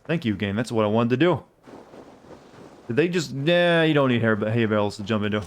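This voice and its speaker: A man's voice: medium pitch, animated, a little fast, a little hiss or hum. A man from the United States streaming a video game. He chats in a rambling way with sarcastic, griping asides. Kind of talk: casual gameplay commentary.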